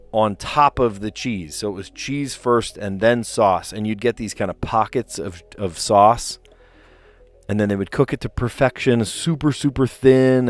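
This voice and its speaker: A man casually chatting on a live stream, reading puzzle clues aloud and rambling to his viewers. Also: lowish voice. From New Jersey.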